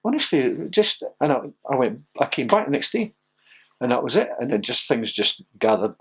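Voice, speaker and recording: A man's voice: mid-range voice, big pitch swings, moderate pace, husky. An older Scottish man, a former footballer, reminiscing in an interview and telling stories with acted-out quotes. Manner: storytelling, laughs often, acts out quotes.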